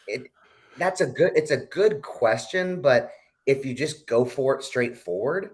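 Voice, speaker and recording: A man's voice: mid-range voice, animated, measured pace. Easygoing man thinking aloud. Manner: easygoing, hesitant restarts. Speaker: panel guest. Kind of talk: casual panel talk.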